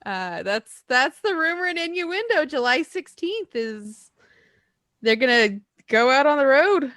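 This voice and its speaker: A woman's voice: sits high, very animated, a little slow, a bit bright, dry recording, studio quality. A woman co-hosting a podcast in casual, rambling chat, laughing often. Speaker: podcast co-host.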